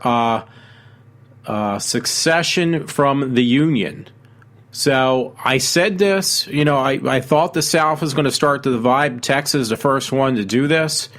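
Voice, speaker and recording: Man, show host, casual commentary, halting, lots of fillers and restarts, middle pitch. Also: a bit bright.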